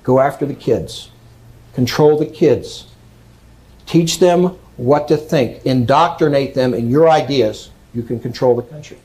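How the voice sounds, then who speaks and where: A man's voice: mid-range voice, a little slow, a little mellow, rough recording. A man giving a lecture, reading out quotes and commenting on them emphatically, often checking in with "okay?".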